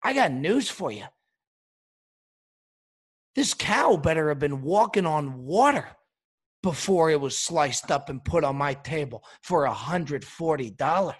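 A man with a husky, slightly high voice rants in mock outrage, hosting a comedy show. He keeps piling on the indignation with exaggerated complaints. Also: lively intonation, a little slow. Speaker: comedic host. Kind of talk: comedic rant.

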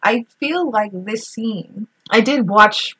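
Woman co-host, husky and dry-sounding, casual chatter about movies, swears freely, laughs easily. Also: on the high side, slow pace, pushed and bright, dry recording. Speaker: podcast co-host. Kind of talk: casual film-rewatch chat.

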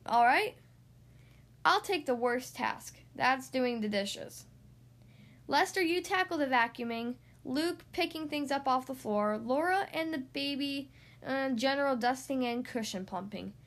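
A woman putting on a jolly storybook dad barking cheerful orders at his kids like troops. The voice stays high and bouncy, brisk and commanding in a friendly way. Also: expressive, fairly bright tone, exaggerated voice. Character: cheerful bossy father in charge.

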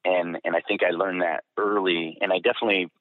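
Low-voiced middle-aged man, phone-thin sound. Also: level tone, fast talker, no echo. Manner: candid, rambling with fillers and restarts. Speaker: pararescue veteran guest. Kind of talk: storytelling in an interview. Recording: dry, phone-like narrow sound.

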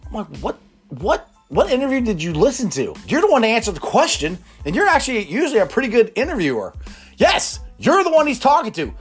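Guy ranting on his sports show, all over the place pitch-wise, bit of music playing under it. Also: fairly quick, breathy edge. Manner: animated, rambling, opinionated. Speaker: sports podcast host. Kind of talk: casual sports talk.

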